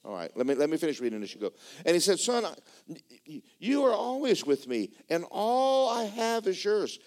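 A male pastor preaching with a lively, swinging delivery, his voice sitting a bit higher than most men's. He reads a passage, then stops to comment on it and often restarts his words mid-thought. The whole thing has the loose rhythm of a sermon delivered from the pulpit. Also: fairly quick. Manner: animated preaching with repeated stumbling restarts; reads scripture aloud and breaks in to comment.

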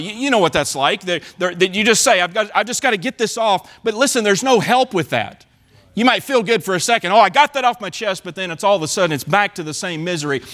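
A man's voice: high voice, fairly bright tone. A man preaching a sermon in church, earnestly acting out the psalmist's pleas. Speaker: pastor.

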